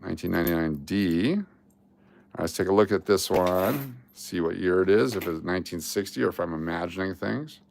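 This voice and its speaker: Deep gravelly man hunting coins. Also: brisk, slight background noise. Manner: excitable, mutters to himself, groans "wah wah" at misses. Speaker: coin roll hunting host. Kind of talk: casual coin-hunting commentary.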